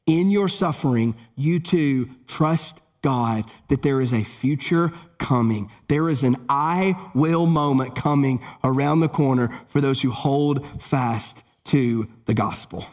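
A man preaching a sermon, swinging between urgent raised lines and low solemn ones as he reads and explains scripture. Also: takes it slowly, hardly any pauses, darkish tone. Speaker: pastor. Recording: long hall reverb.

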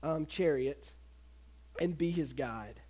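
A man giving a casual, animated youth sermon, retelling a story and acting out the voices of the people in it. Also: a little high, takes it slowly. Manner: animated, acts out voices, laughs often.

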